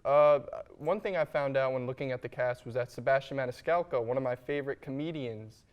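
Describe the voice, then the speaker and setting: A man's voice: medium pitch, brisk, muffled recording. A man on a casual panel, talking emphatically and with enthusiasm.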